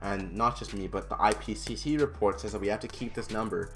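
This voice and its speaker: A teenage boy talks through a school-project vlog in a lowish voice. He is chatty and emphatic, and he breaks off for restarts and asides. Faint music plays underneath. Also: a little fast, a bit bright. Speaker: student presenter. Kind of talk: casual explainer vlog.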